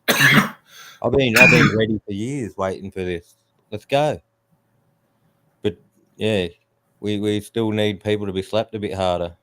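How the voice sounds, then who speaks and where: A man's voice: fairly low pitch, measured pace, pauses often, pushed and bright. A man, ranting bluntly and profanely in a casual stream chat. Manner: mocks others in raised put-on voices.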